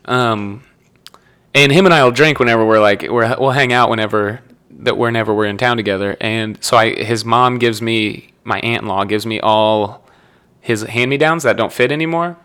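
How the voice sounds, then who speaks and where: Bright-voiced young man rambling with laughs. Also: lowish voice, normal speed, smooth. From Nebraska. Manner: rambling storyteller, laughs often, self-corrects. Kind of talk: casual chat.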